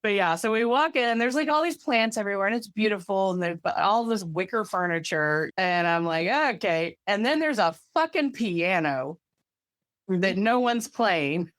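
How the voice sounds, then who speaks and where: A woman's voice: mid-range voice, lively intonation, moderate pace, no room sound. A woman co-hosting a podcast in casual chat, telling long rambling stories, peppered with "like" and casual swearing. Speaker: podcast co-host.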